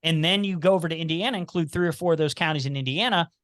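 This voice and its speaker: A man's voice: a little high, racing, fairly bright tone, dry recording, clean studio sound. A man from the Cincinnati area with a slight Appalachian twang, talking animatedly as a podcast guest in casual chat, often repeating and restarting words. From Cincinnati area, United States.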